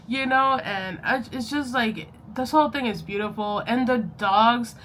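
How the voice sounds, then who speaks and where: A woman's voice: fairly high pitch, unhurried, fairly bright tone, slight background noise. A young woman vlogging in a casual, rambling way, often correcting herself and laughing as she chats about journaling and a series she is watching. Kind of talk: casual chatty vlog.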